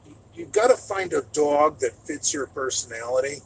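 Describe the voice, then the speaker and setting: A middle-aged man, a trucker, in casual storytelling chat, loud and profane and given to sudden shouts, talking from inside his truck cab. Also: a little high, expressive, normal speed, slight background noise, poor audio. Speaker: streamer answering chat.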